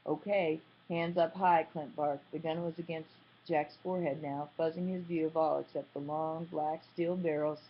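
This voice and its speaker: Low, gravelly woman reading a novel aloud. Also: fairly even intonation, moderate pace, hardly any pauses. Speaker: audiobook narrator. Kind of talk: scripted narration. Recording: slightly muffled, dull audio.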